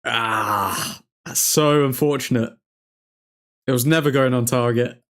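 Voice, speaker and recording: A man hosting a live football watchalong, reacting to each chance with loud excitement and grumbling at the referee. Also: mid-range voice, slow pace. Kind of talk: live match commentary.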